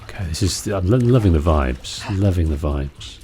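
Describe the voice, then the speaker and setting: A man's voice: sits low, animated, moderate pace, warm tone. A man hosting a let's play, chatting casually and musing aloud about what he sees in a game. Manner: musing, chatty, with fillers and restarts. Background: game music.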